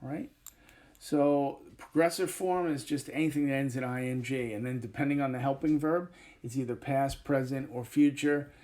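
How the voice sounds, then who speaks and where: A male teacher records a relaxed grammar lesson over a whiteboard as a voice-over, using lots of fillers and often checking in with "okay." His voice is medium-pitched at normal speed, captured on a tablet microphone.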